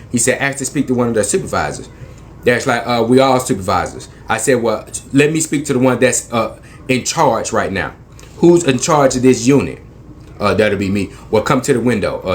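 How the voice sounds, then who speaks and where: Animated man retelling a roadside encounter. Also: lowish voice, a little hiss or hum. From East Saint Louis, Illinois. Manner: animated storyteller acting out both sides of a dialogue; slangy, emphatic, repeats phrases. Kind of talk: retelling a story.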